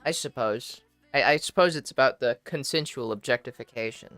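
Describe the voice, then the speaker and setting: A woman livestreaming, chatting casually with her viewers and answering their messages in a relaxed, shy, giggly way with plenty of swearing. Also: very deep voice, a little fast, no room sound, faint music behind. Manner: reads and answers chat messages. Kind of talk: casual chat with stream viewers.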